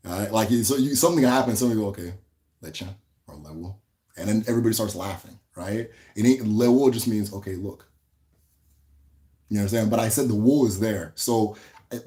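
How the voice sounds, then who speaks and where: A man's voice: lowish voice, warm tone. A man giving a loose, conversational language lesson, repeating words for emphasis and laughing often. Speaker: Igbo language teacher. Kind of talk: casual livestream lesson.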